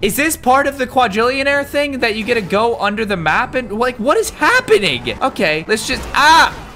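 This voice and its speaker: A man giving excited gameplay commentary as a gaming YouTuber, jumpy and quick to shout and yelp in surprise. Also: extremely high pitch, slight background noise.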